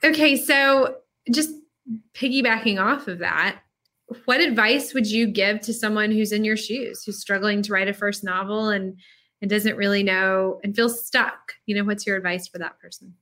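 A woman's voice: medium pitch, steady tone, moderate pace, pushed and bright. A woman co-host who asks the guest questions and laughs easily. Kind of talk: podcast interview.

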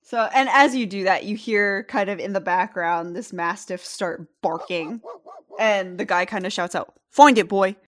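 Young woman GM, relaxed chatty narrator, mid pitch. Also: normal speed. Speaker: game master. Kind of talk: narrating a tabletop game.

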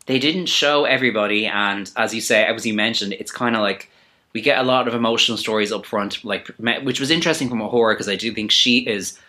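A man chats on a podcast panel in a lively, gossipy way. His voice sits fairly low but sounds bright and forceful. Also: brisk. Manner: animated, gossipy, breaks into mock impressions. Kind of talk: casual chat.

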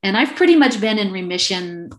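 A woman in her fifties, a podcast guest telling a personal story in a casual, animated way over a remote call. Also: medium pitch, a little fast. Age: 50s. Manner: animated, acts out quoted dialogue.

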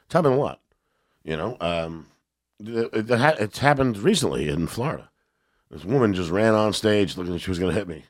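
A guest comedian tells stories in a casual podcast chat, animated but stammering and restarting as he goes. His voice is on the low side and fairly quick.

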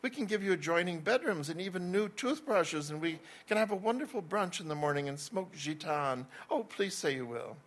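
A man's voice: sits high, moderate pace, hardly any pauses, pitched above the performer's own voice. A man reading aloud as a rich, playful woman hostess who gushes over her guests, in a raised voice. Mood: gushing. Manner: gushing and excitable.

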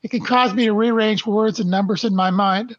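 An older man from Canada, a podcast guest who speaks slowly and deliberately, stressing his points and then reading his life story aloud. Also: high-pitched, fairly even intonation, dry recording, highs cut off. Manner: slow, deliberate and emphatic.

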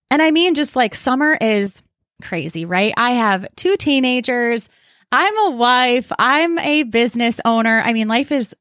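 A woman's voice: on the high side, a bit bright, no echo, studio quality. Upbeat, candid woman podcast host. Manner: candid, upbeat, chatty with casual swearing. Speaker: podcast host and personal trainer. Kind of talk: casual solo podcast talk.

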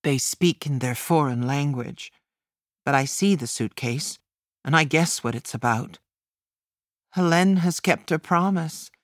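A woman narrating a first-person memoir as an audiobook, in a measured, plain storytelling manner. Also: low voice, dry recording, clean studio sound.

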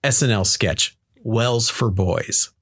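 A man with a fairly low voice co-hosts a podcast in an easy, joking back-and-forth. He drifts through plenty of filler words as he talks. The sound is dry and close, with no room echo. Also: takes it slowly, vocal fry, a bit bright, breathy edge. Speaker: podcast co-host. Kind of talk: casual podcast conversation about music subculture.

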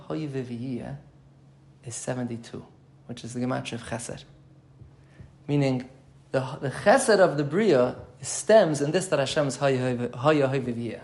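A man's voice: a little high, a little mellow. A man giving an explanatory Torah class, thinking aloud and repeating key phrases as he explains. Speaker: Torah teacher.

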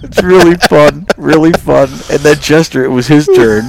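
A man's voice: a little high, moderate pace, vocal fry, a little hiss or hum. A man telling a hunting story as a podcast guest, acting out the dialogue and laughing often. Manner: lively, laughing storyteller who acts out both sides of dialogue. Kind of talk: animated storytelling.

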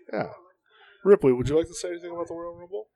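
A man co-hosting a casual podcast watch-along, excitable and swearing freely as he explains wrestling history. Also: sits high, vocal fry, low-quality recording. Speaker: podcast co-host. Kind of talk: casual chat during a live watch-along.

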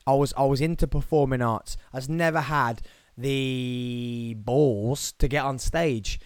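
A lively man with a Birmingham accent hosts his own podcast, chatty and playful with quick jokey asides. His voice sits at an ordinary middle pitch. The sound is close and dry. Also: clear, resonant tone, dry recording. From England. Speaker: podcast host. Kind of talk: solo podcast chat.

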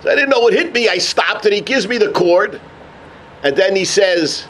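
A man giving a sermon as a rabbi, telling a story with animated energy. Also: high voice, moderate pace, slight background noise. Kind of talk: sermon on the weekly portion.

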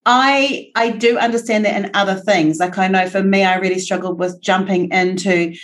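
A woman with a New Zealand accent hosting a casual podcast interview, bubbly and quick to laugh. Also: medium pitch, fairly even intonation. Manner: chatty and bubbly, laughs often. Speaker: podcast host.

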